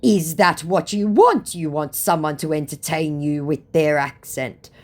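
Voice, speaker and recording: A woman's voice: deep voice, unhurried, a little mellow, voice pushed up. Woman reading as a defensive male scammer. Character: evasive male romance scammer posing as engineer.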